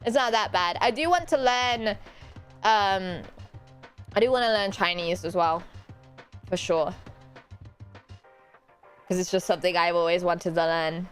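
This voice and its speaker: Giggly and teasing, a British woman streams as a VTuber, chatting animatedly and fielding viewer questions. She speaks on the low side, a little slowly with long pauses, while faint music plays behind her.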